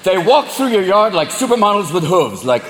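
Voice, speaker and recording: A man doing a profane stand-up routine, switching rapidly between voices. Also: high voice, big pitch swings, heavy background noise. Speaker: stand-up comedian. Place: live comedy venue. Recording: echoey live venue, loud crowd.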